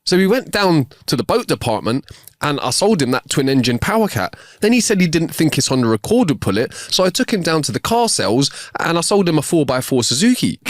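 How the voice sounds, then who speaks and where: A cocky young salesman lad, as a man reading out a joke puts him on, boastful and breezy. His lively voice barely strays from the teller's own. The recording is dry. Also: fairly high pitch, a little fast, no room sound, pitched above the performer's own voice.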